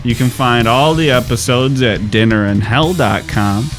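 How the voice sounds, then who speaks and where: A man hosting a history podcast, explaining in a relaxed, casual way and wrapping up the show. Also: mid-range voice, a little slow, music in the background. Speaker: podcast host.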